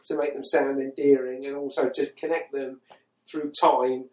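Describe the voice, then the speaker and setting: A man's voice: mid-range voice, level tone, moderate pace, darkish tone. A man casually recapping a film for a podcast, sweary and audibly exasperated, often rising into disbelief. He has a mid-range voice. It is recorded with a roomy echo. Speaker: podcast host.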